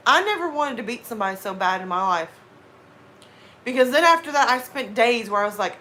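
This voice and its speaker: With a little hiss or hum in the background, a woman in her thirties with a Southern US accent, from the American South, reads her live chat on a stream and chats casually, drifting into asides. Her voice is on the high side, bright and forceful, animated and fairly quick.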